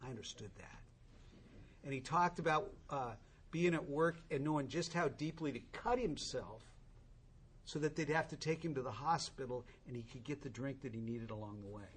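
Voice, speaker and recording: A man's voice: mid-range voice, normal speed, a little hiss or hum. A man in his sixties tells a humorous, rambling story to an audience at a recovery meeting, with many restarts.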